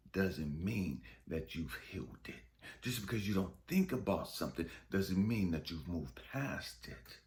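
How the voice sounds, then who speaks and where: A man giving an emotional, profane monologue about forgiveness as a spiritual vlogger, swinging from loud outbursts to hushed whispers. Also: sits low, big pitch swings, normal speed.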